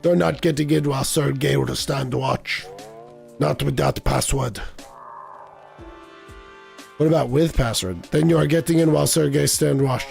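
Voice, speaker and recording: A man voicing a gruff, hulking male bouncer in a put-on Russian accent, speaking in terse, broken English. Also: a little high, moderate pace, long pauses, darkish tone, soft background music. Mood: stern.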